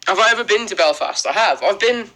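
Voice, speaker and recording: Young irish guy on a phone live, bright fairly high voice, rambly, lots of ums, thanking everyone. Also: lively intonation, fast talker, poor audio. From Ireland. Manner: rambling, fillers, thanks viewers one by one. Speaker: livestream host. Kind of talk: casual livestream chat reading comments. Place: bedroom indoors. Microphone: phone held close.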